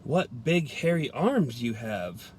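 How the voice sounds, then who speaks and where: A man's voice: on the high side, animated, normal speed, a little hiss or hum, lightly acted. A man playing a cheerful little girl in red. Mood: hushed careful.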